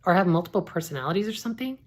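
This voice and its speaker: A woman's voice: lowish voice, animated, rapid-fire, voice pushed up. A woman voicing flippant, chattering teenage girls in a storybook reading. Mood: gossipy. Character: gossipy teenage girls, careless and mocking.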